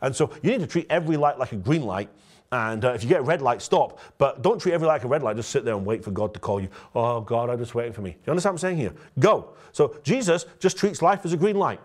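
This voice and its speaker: A man's voice: medium pitch, racing. A man, a pastor, preaching a conversational sermon and telling stories directly to his congregation. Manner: storytelling, lively and direct, addresses the congregation.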